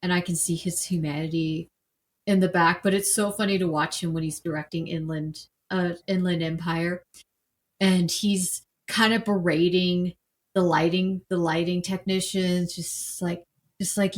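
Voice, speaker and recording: A woman's voice: lowish voice, steady tone, measured pace. A woman guest on a film podcast, chatty and laughing often as she tells stories. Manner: chatty, laughs often, mimics people in quotes. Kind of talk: casual film chat.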